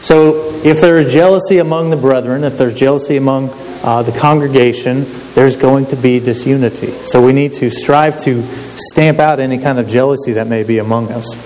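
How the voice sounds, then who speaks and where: A preacher in a reverberant hall. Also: male voice, mid-range voice, fairly even intonation, moderate pace, a little mellow. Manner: conversational, asks the listeners to agree. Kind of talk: sermon. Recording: long hall reverb with faint hiss.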